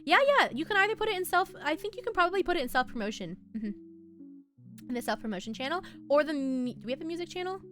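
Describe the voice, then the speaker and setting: A bubbly young woman chats with her viewers on stream, giggling often as she reads their messages aloud. Her voice sits fairly high and swoops all over. Soft music plays faintly under her voice. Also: sing-song, quick pace. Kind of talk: casual chat with live chat.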